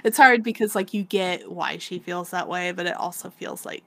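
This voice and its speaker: Gravelly low-voiced woman, laughing a lot. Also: moderate pace, a bit bright, a little hiss or hum. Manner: laughs often, swears freely, acts out characters' lines. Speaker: podcast co-host. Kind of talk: casual chat recapping a manga.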